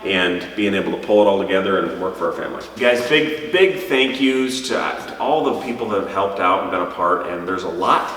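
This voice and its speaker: A man's voice: low-pitched, lively intonation, brisk, hardly any pauses, a bit bright, slight background noise. A man in his thirties hosting a family vlog, talking earnestly and gratefully in a casual chatty way. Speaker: vlog host. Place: large empty house, indoors. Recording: echoey empty room, far from mic.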